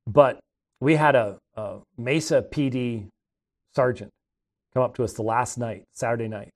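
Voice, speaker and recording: A man's voice: medium pitch, unhurried. Middle-aged man telling rambling stories. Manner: rambling and conversational, with frequent restarts. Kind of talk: casual anecdotal storytelling.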